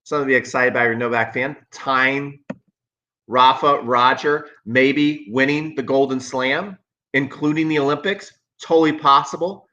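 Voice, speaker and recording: A man's voice: medium pitch, steady tone, normal speed, sharp tone, muffled recording. A man hosting a live tennis stream, talking in a sarcastic, emphatic way and repeating himself for effect. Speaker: tennis coach and channel host.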